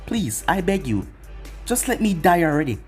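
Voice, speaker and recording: A man's voice: fairly high pitch, big pitch swings, moderate pace, a little mellow, faint music behind. A man voicing a timid little boy who pleads and stammers. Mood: frightened.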